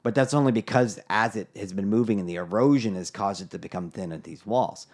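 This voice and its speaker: A man's voice: on the low side, brisk, darkish tone. A man co-hosting a podcast, talking casually and telling stories in a reflective way with frequent fillers. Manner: storytelling, reflective, many fillers. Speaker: podcast co-host. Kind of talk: casual chat.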